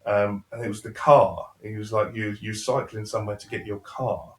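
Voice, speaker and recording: A young man with a low voice tells a personal story as a podcast guest. He acts out the dialogue with casual energy and swears now and then. The room has a noticeable echo. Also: fairly even intonation, moderate pace. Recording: roomy echo.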